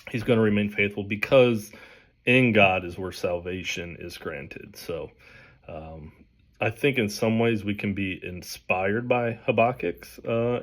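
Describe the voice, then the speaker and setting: A man teaching from the Bible in a relaxed, conversational way, often restarting his sentences. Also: on the low side. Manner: conversational, with frequent restarts and fillers. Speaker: pastor.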